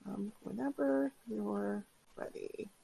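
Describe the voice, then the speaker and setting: A woman's voice: medium pitch, takes it slowly, vocal fry, dark tone. A woman who is the game master, chatting casually before a tabletop session in a talkative way with lots of filler words.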